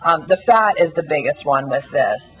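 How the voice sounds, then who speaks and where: A woman with a somewhat low, husky voice walks through a recipe at a studio kitchen counter. She explains each step cheerfully, filling pauses with ums. Faint music sits under the broadcast audio. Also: lively intonation, low-quality recording. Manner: upbeat, explanatory, many ums, quick laughs. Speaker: food editor guest. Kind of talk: TV cooking demonstration.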